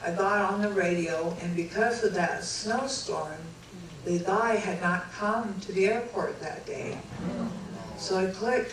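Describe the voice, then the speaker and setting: A woman telling a dramatic personal story to an audience, acting out the dialogue in lively voices. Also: mid-range voice, slow pace, a little hiss or hum. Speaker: speaker recounting a near-death experience. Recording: echoey hall recorded from far off, faint ambience.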